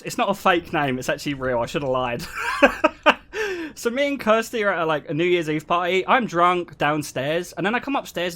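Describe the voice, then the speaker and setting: Young male streamer, high lively voice, animated casual storytelling with frequent laughter. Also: a little hiss or hum. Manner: animated, laughs often, self-deprecating. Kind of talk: casual storytelling to a live chat.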